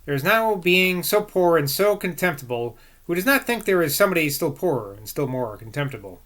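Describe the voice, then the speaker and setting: A man's voice: fairly high pitch, sing-song, brisk, a bit bright. A man reading aloud from a classic book and breaking off to muse and second-guess himself between passages. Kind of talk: reading aloud with casual asides.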